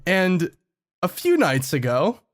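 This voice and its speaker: High, animated podcast host. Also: male voice, slow. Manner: exasperated, sarcastic, swears a lot. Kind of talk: casual comedy podcast banter.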